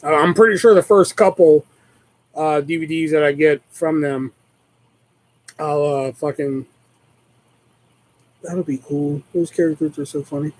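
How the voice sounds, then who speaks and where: A man's voice: fairly high pitch, fairly even intonation, measured pace, long pauses, a little mellow, poor audio. A man hosting a live stream, chatting casually in a rambling way and swearing constantly.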